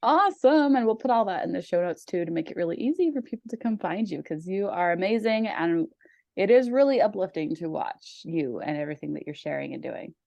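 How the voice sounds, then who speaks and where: Upbeat woman podcast host, gravelly voice. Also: on the low side, animated, a little fast, warm tone, no echo. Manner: upbeat, gushing, filler-heavy with many "like"s. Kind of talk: casual interview chat.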